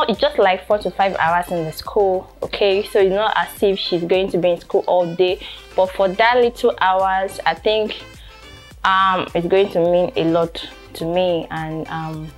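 A woman's voice: mid-range voice, normal speed, soft background music. A young Nigerian woman talking to camera in a casual vlog, chatty, repeating herself and filling with "you know". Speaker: vlogger and photographer.

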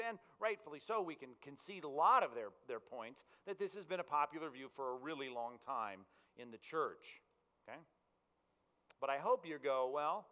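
A male pastor preaching in an easy, conversational style, often asking his listeners if they follow. His voice sits a touch high and carries a long reverb, as in a big hall. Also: pushed and bright. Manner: conversational, checks in with the audience. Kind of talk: sermon.

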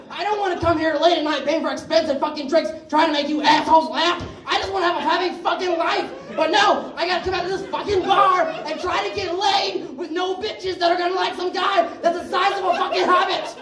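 A man doing a profane, shouting stand-up rant on a bar stage. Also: extremely high pitch. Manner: profane, shouting, rapid-fire. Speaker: stand-up comedian. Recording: echoey bar, mic from far off, crowd laughing. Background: audience laughter.

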